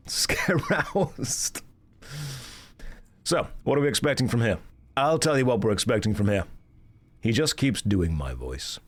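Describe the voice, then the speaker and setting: A man's voice: fairly low pitch, expressive, moderate pace. A man streaming a game, chatting casually and explaining mechanics in a playful, self-mocking way.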